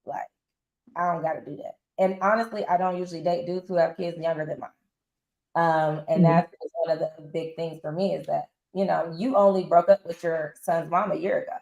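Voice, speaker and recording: A woman's voice: on the low side, fairly quick, vocal fry, echoey room, muffled recording. A woman in her forties, a reality show guest telling her story bluntly and casually with slang, acting out other people's lines. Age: 40s. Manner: animated, acts out others' lines in quotes. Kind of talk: candid interview storytelling.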